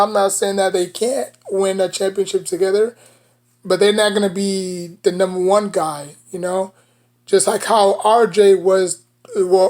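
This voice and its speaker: A woman's voice: medium pitch, darkish tone. A woman with a New York accent giving casual basketball commentary as a sports vlogger, rambling and leaning on "you know" between thoughts.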